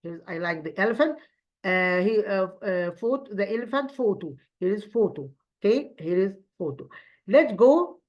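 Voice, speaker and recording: A woman teaching an English lesson to children online, talking haltingly with many fillers and restarts. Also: mid-range voice, lively intonation, a little mellow, highs cut off. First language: Arabic.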